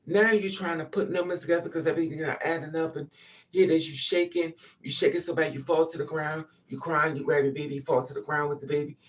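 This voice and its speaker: A woman's voice: low voice, fairly even intonation, quick pace, far from the mic. A grieving mother giving an impassioned, repetitive spoken monologue. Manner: impassioned, repetitive, acts out pleading quotes.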